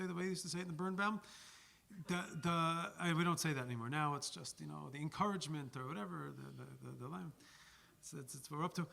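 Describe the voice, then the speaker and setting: Animated rabbi teaching Torah. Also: male voice, on the high side, vocal fry. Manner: animated, chatty, sprinkled with Yiddish and Hebrew words. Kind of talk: Torah lecture with storytelling.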